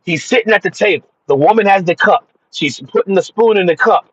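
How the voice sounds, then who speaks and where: A man's voice: sits high, brisk, a bit bright, slightly rough. A man giving an emphatic, repetitive religious monologue about spirits. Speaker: spiritual commentator. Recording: dull dry lo-fi sound.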